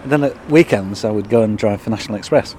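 Middle-aged man, bus driver, low voice, relaxed and laconic. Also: quick pace, a little hiss or hum. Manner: relaxed, brief answers, chuckling.

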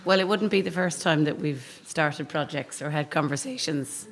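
An Irish woman arts officer explaining funding on a radio interview, measured in tone. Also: low voice.

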